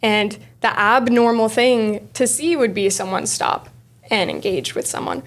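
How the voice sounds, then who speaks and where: A woman's voice: a little high, measured pace. A young woman hosting an interview, asking reflective questions in a conversational way. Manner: thoughtful, self-reflective questioning. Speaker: podcast host.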